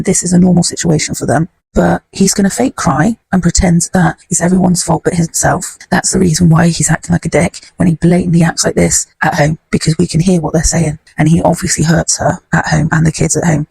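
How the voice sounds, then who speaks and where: A woman's voice: fairly low pitch, creaky, a little mellow, slightly rough, no room sound, low-quality recording. A woman hosting a podcast, telling a story in a blunt, heated way and swearing freely. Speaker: podcast host. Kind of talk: casual storytelling.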